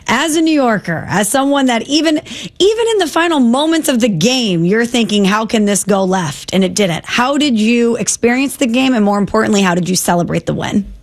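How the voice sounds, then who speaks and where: A woman's voice: a little high, lively intonation, fairly quick. A woman hosting a casual sports chat in an upbeat, conversational way. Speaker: host.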